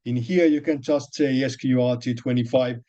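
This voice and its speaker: A male programming teacher who talks through his code haltingly, stopping to restart and fill pauses as he explains each step. His voice is mellow and unhurried. It comes through a somewhat dull, lo-fi recording. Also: mid-range voice, steady tone. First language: Finnish. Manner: hesitant, many restarts and fillers, explains step by step. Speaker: programming lecturer.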